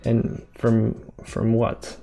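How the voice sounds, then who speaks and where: A man painting live on stream, talking softly and slowly to his chat and repeating words as he works, with faint music behind him. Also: mid-range voice, monotone, creaky. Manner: soft-spoken, slow, repeats words while painting.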